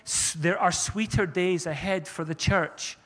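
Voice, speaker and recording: Pastor, male, higher register, fervent preaching with repeated emphatic phrases, reverb of a church hall. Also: fairly even intonation, unhurried, fairly bright tone. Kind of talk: sermon.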